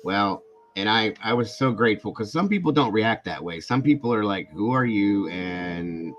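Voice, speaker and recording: A man's voice: lowish voice, animated, normal speed, fairly bright tone, slight background noise. A man hosting a live stream, talking earnestly and emotionally in a casual chat. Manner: earnest and emotional, storytelling with quoted voices. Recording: dull lo-fi stream audio.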